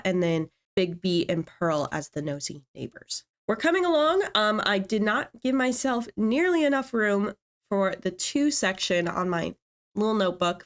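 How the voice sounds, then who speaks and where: A young woman talking casually as a video creator, chatting and thinking aloud to herself as she works through lists. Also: fairly high pitch. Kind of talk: casual chat.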